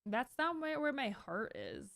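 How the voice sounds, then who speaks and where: A woman in her thirties streaming live, talking casually in a rambling, animated way with many restarts and bursts of exasperation. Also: sits high, unhurried, gravelly, no room sound. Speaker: Twitch streamer hosting her own stream. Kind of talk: casual livestream commentary.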